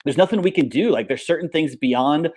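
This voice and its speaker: A man being interviewed in a relaxed chat, talking in an upbeat, rambling way, full of fillers. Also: on the high side, fairly quick, a little hiss or hum. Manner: rambling and upbeat, many fillers like "like" and "you know". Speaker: interview guest, paintball coach and business owner.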